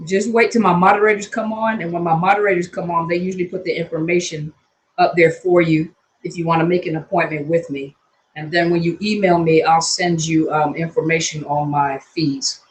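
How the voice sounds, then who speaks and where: Speaking from her hot, sweaty home in Washington state, a woman counselor livestreams on her phone and greets viewers by name in loose, colloquial chatter. Her voice sits on the low side, with a steady tone and a brisk pace.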